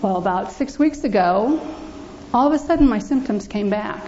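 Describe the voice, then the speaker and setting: In a church, a woman with an animated mid-range voice gives an earnest, emphatic testimony and preaches, repeating scripture aloud at a moderate pace. Her tone is mellow, and the dull lo-fi recording carries a little hiss or hum.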